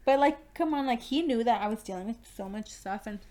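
A young adult woman co-hosts a podcast, chatting casually and freely with many fillers and frequent laughter. Her voice is on the high side, expressive, a little fast, and a little mellow.

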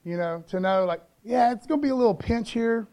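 High-voiced laid-back preaching man. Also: brisk, warm tone. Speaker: pastor. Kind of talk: casual sermon.

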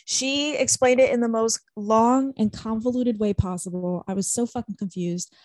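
On the high side and at normal speed, a young woman's voice comes through with no echo as she co-hosts a podcast. Storytelling animatedly in casual conversation, she swears and uses "like" heavily.

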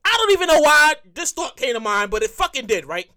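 High, animated woman comedian. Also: fairly quick. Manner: profane, animated storytelling with repeated phrases. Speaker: comedian host. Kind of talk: stand-up style podcast monologue.

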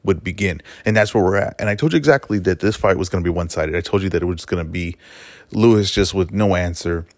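On his own podcast, a host with Mexican heritage gives a forceful, opinionated solo take on fights, regularly revising himself mid-sentence. He speaks low and quickly, captured in clean studio sound without echo.

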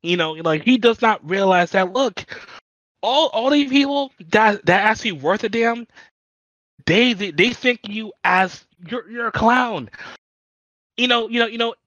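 Animated, bright-voiced ranting man. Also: high-pitched, a little slow, no echo, highs cut off. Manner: ranting, profane, exasperated. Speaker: podcast host. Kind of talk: casual chat.

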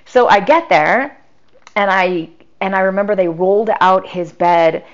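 A woman's voice: medium pitch, unhurried. A middle-aged woman, a podcast guest, telling a personal story in a chatty way, full of "like" and quoted dialogue. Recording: dull lo-fi sound.

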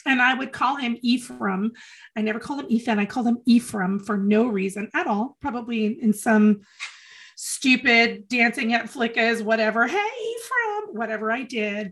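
A woman's voice: on the high side, fairly even intonation, a bit bright, husky. Earnest woman sharing heartfelt memories. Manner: earnest, halting, repeats phrases for emphasis. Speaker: podcast guest. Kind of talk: emotional personal reminiscence.

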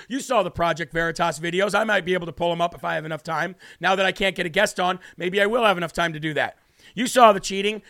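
A man's voice: sits high, sharp tone. A man hosting a live talk show, giving fired-up political commentary, talking straight to his viewers and reading their chat messages aloud.

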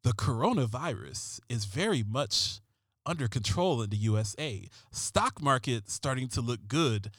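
Man doing a deadpan TV cop voice, low, hushed, slow, dramatic pauses, dry close sound. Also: no room sound. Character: hushed, gravelly-toned TV crime detective man, deadpan.

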